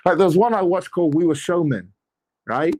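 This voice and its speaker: Energetic preacher man. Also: high-pitched, moderate pace. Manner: energetic, sarcastic, preacher-like emphasis. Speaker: apostle and church leader. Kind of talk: motivational faith and money talk.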